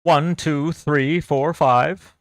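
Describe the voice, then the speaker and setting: A man's voice: a little high, fairly even intonation, very slow, no echo, studio quality. A man streaming live, opening trading card packs, counting cards aloud and joking about himself with his chat. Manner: jokey, counts cards aloud, self-deprecating.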